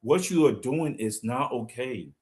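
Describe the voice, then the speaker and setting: A man's voice: medium pitch, expressive, measured pace, darkish tone. A man from Liberia giving fiery, combative political commentary on a live stream, speaking emphatically.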